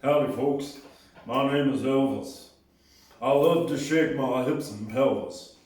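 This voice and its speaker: A man doing a comic impression of the ghost of a famous rock and roll singer, with a put-on Southern US drawl, reciting in a slow, drawling delivery. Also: mid-range voice, darkish tone, lightly acted. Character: ghost of a famous rock and roll singer, drawling deep-voiced male crooner. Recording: roomy hall from a distance.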